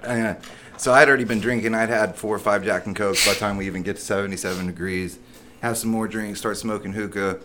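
Low-voiced man, crude laid-back storytelling. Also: fairly even intonation, fast, heavy background noise. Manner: laid-back, crude, with many fillers like "dude" and "like". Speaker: podcast co-host. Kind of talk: casual storytelling.

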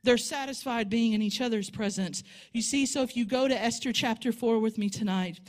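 A woman's voice: on the high side, fairly quick. A woman preaching a sermon in a church sanctuary, telling a story and building to fervent exhortation.

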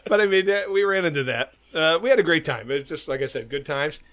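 A man's voice: on the high side, animated, quick pace, fairly bright tone, smooth, no echo. A middle-aged man on a podcast, telling a long, loose story with lots of swearing. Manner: rambling storyteller, swears a lot. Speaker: podcast host. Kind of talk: casual chat.

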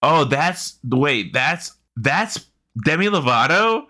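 Bright-voiced joking podcast co-host, a man. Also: a little high, very animated, slow. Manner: joking, swears freely. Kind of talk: casual chat.

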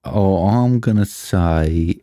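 A man's voice: sits low, slow pace, warm tone, no room sound, clean studio sound. A man co-hosting a podcast, laid-back and casual, swearing and calling his friend mate. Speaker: podcast co-host. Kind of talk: casual chat.

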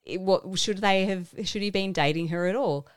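Smooth, dry-voiced woman co-host. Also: medium pitch, normal speed, no room sound. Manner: animated storyteller, acts out quoted voices. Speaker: podcast co-host. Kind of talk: casual chat.

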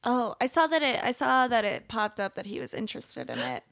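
A woman co-hosting a comedic podcast, chatty with deadpan jokes. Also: a little high, a little fast, gravelly, no echo, clean studio sound.

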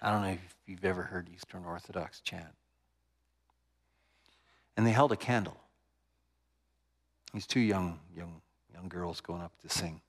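A middle-aged man preaching a sermon, telling a personal story with lively energy that drops to hushed tones at moving moments. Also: sits low, unhurried, pauses often.

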